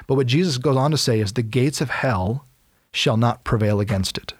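A man talks through Bible passages on a podcast, casual and animated, slipping into the voices of the people he quotes. His voice sits at a middle pitch and sounds close and dry, with little room sound. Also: moderate pace, slightly rough, no room sound. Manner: animated storytelling, acts out quotes. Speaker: podcast co-host. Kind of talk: casual Bible teaching chat.

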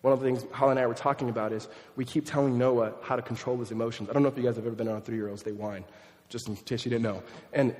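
In a big-room setting, a pastor around thirty preaches rapid-fire in a mid-range male voice. His sermon is conversational and animated, mixing in amusing stories about his family.

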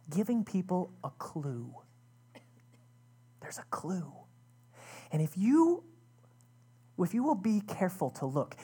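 A woman pastor preaches in a relaxed, conversational way, earnest and personal, and often restarts her phrases. Her voice is husky and breathy at an ordinary pitch. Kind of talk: sermon.

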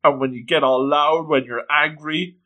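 A man voicing a calm teenage schoolboy who speaks earnestly and bluntly. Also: fairly high pitch, normal speed, lo-fi sound, lightly acted.

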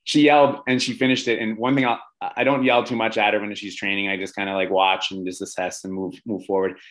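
Man, coach, low voice, casual interview, enthusiastic, lots of filler words. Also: level tone, quick pace, rough recording.

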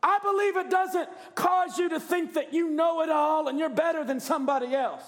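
Male preacher, fervent shouted sermon, very high pitch, gravelly fry. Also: steady tone, normal speed.

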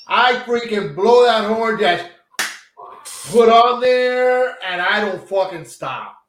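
A man's voice: sits high, slow, a little hiss or hum. A man co-hosting a casual podcast chat, telling a story with lots of swearing. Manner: animated storyteller, swears freely. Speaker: co-host. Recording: echoey room.

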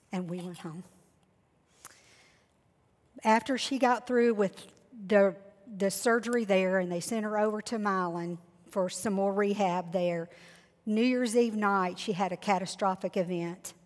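A woman, sharing a heartfelt faith testimony as a guest. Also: medium pitch. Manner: earnest, heartfelt storytelling. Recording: long hall reverb.

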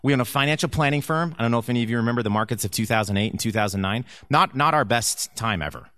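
A man sharing a personal testimony with a church audience, telling the story with lively energy and acting out the lines of the people in it. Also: medium pitch, racing, dry recording. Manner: animated storyteller who acts out quoted speech.

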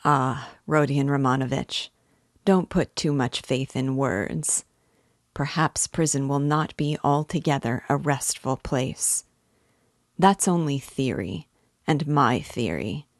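A woman's voice: rumbling low, takes it slowly, no echo, clean studio sound, full character voice. A woman reading the lines of a persuasive middle-aged male police investigator, in an insistent, fatherly manner. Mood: earnest.

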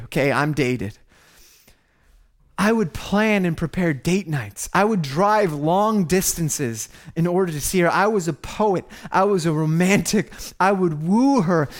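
A male pastor delivering an impassioned sermon, swinging from loud exhortation to hushed, emotional moments. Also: high-pitched.

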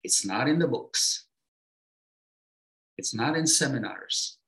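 A man giving a spiritual talk to his students as their teacher, speaking gently in short, unhurried phrases with pauses and simple everyday comparisons. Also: mid-range voice, lively intonation, vocal fry, rough recording.

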